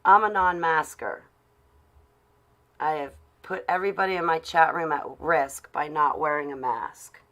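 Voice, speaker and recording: A woman's voice: low-pitched, unhurried, fairly bright tone. A woman live-streaming to her chat from her car while driving, talking casually and sarcastically in a ranting way.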